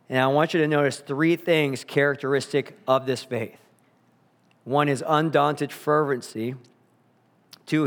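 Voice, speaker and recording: A man preaching a sermon, earnest and emphatic, slowing down to repeat key phrases, in a church sanctuary. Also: mid-range voice. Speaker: pastor. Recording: long hall reverb.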